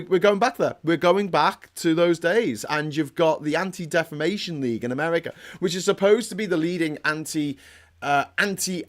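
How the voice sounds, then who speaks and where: A man hosting a casual political commentary livestream. He rambles and restarts often, gets heated, and reads out viewer comments. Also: on the high side. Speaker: host.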